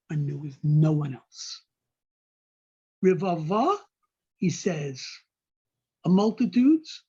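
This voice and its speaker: A man's voice: high voice, mellow, breathy edge. A man teaching a text-study class, reading Hebrew phrases aloud and then translating each one into plain English. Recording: dull lo-fi recording.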